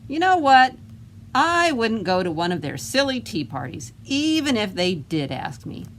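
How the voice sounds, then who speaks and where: A woman's voice: fairly high pitch, big pitch swings, a little slow, a little hiss or hum, pitched above the performer's own voice. A woman reading a picture book aloud, voicing a grumpy, self-important male goblin with an indignant, sarcastic way of complaining. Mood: grumbling.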